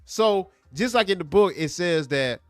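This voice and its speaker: Casting note: young adult man, comic show host, lively and emphatic delivery, dry close sound with faint music underneath. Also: sits high, a little slow, dry recording. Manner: animated, emphatic, repeats points for effect. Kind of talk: casual comic book review.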